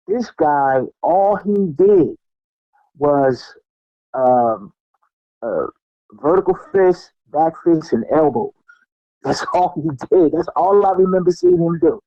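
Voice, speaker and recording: A middle-aged man, a podcast guest and martial artist, telling stories in an animated, casual way with many fillers and restarts. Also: on the high side, no room sound. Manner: animated, lots of fillers and restarts, acts out what people said. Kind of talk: casual storytelling. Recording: dull lo-fi sound, dry.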